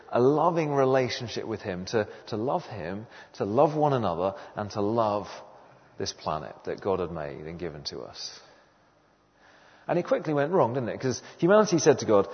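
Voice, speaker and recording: Animated preacher in a reverberant hall. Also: male voice, mid-range voice, normal speed. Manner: animated, conversational, asks the audience questions. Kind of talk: sermon. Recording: dull sound in a long-reverb hall.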